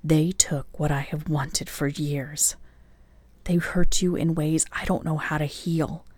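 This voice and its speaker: A woman voicing a brooding young male werewolf who speaks low and tensely, often near a whisper, in a storybook reading. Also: steady tone, takes it slowly, a little mellow, no echo.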